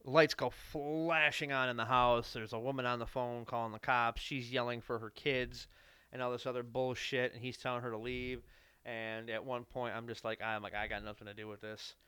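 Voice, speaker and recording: A man's voice: mid-range voice, level tone, moderate pace, pushed and bright, clean tone, dry recording. A man hosting a podcast, telling a long, rambling, profane personal story with self-deprecating asides in a casual chat. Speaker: podcast host.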